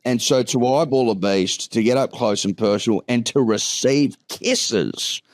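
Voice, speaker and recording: A man's voice: mid-range voice, a little slow, no room sound. A man with an Australian accent co-hosting a sports podcast, rambling and swearing in casual chat. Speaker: podcast co-host.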